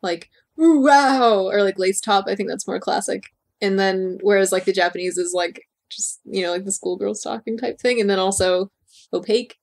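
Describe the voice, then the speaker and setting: A woman co-hosting a comedy podcast, sarcastic and quick to laugh, mocking what she reads. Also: medium pitch, fairly even intonation, darkish tone. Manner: sarcastic, laughs, reads passages aloud in mock tones. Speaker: podcast co-host. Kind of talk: casual comedic chat.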